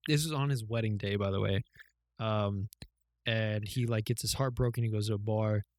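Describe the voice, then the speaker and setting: A man's voice: on the low side, fairly even intonation, normal speed, a little mellow, no room sound, clean studio sound. A man co-hosting a podcast in casual chat, rambling through a story with many fillers, cusswords and laughs. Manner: rambling plot retelling with fillers, swearing and laughs. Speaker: podcast co-host.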